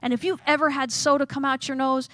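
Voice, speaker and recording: Woman, high voice, dry close sound, comic sermon storytelling, self-mocking and animated. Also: fast talker, no echo. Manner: animated, self-deprecating storyteller acting out scenes. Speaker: chapel speaker.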